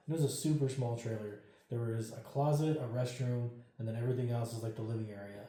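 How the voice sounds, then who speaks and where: Male interview guest, casual storyteller with a mellow, dark tone who acts out the lines and curses freely, in a very echoey room. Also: medium pitch, quick pace. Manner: animated, acts out quoted dialogue, swears freely.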